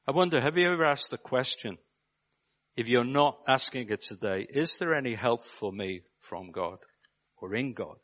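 A preacher from Liverpool with a Scouse accent, giving a measured sermon and putting rhetorical questions to his listeners. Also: medium pitch, animated, fairly bright tone, muffled recording. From Liverpool, England.

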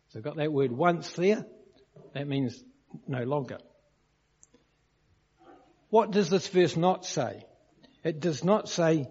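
Guy giving a sermon, husky voice a bit high, long echo, kinda dull lo-fi sound. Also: measured pace, long pauses, darkish tone. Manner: storytelling, questions the congregation. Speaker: preacher. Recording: dull lo-fi recording in a reverberant hall.

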